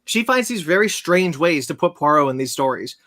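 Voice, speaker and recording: A man's voice: on the high side, expressive, fairly quick, bright, forceful tone. A man hosting a casual podcast chat, ranting animatedly and swearing as he recaps a film. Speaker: podcast host.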